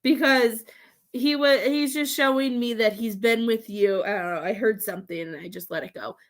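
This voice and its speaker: A woman psychic medium gives a live reading in a slightly high voice. She rambles and doubles back on herself, often restarting mid-sentence. She addresses sitters with affectionate pet names. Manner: halting, rambling, frequent restarts.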